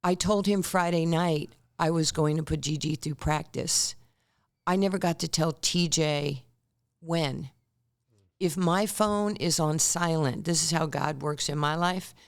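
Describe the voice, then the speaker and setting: With a low, gravelly voice and a measured pace, a woman in her sixties recounts stories on a podcast where she's the interview guest. She once played basketball and acts out the quotes with animation.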